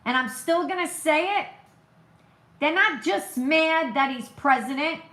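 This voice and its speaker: A woman's voice: sits high, a little slow, pushed and bright, reverberant. A woman with a noticeable accent, hosting an opinionated live stream, who repeats her points emphatically and asks rhetorical questions. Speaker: political livestream host.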